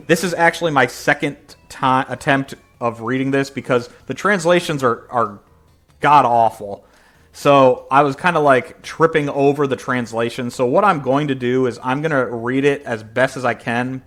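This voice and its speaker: A man's voice: mid-range voice, a bit bright. A man casually reading a translated comic aloud and narrating its panels, in a loose, rambling way with many fillers. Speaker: reader.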